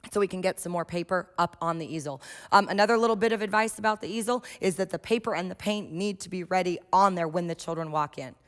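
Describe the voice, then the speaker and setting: A woman giving a workshop lecture on children's art, lively and storytelling, often acting out quotes. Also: fairly low pitch, fast talker, clear, resonant tone. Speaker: early childhood art trainer. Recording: echoey hall.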